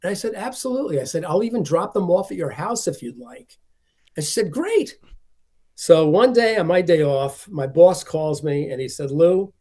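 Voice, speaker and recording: A man's voice: on the high side, expressive, normal speed, darkish tone. A man, a film collector being interviewed, telling stories and acting out the voices of the people he quotes. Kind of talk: conversational storytelling.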